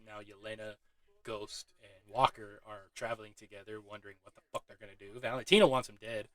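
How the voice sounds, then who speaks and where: A man recaps a movie in a loose, excitable way, swearing freely and breaking into laughs. His voice is bright and forceful. The sound is dry, with no room echo. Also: lowish voice. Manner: excitable, swears often, laughs while talking. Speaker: movie reviewer. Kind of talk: casual spoiler recap.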